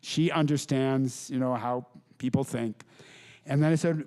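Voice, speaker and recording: A middle-aged man, an author, telling anecdotes to a live audience, with halting restarts and quoted voices. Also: mid-range voice, fairly even intonation, darkish tone. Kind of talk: storytelling talk to an audience. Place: lecture hall with audience.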